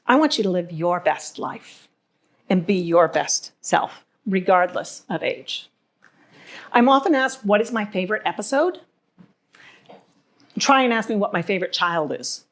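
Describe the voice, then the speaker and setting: A middle-aged woman hosting a live podcast, telling stories to an audience in a chatty way and laughing at herself. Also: mid-range voice. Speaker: podcast host. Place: wine venue with live audience.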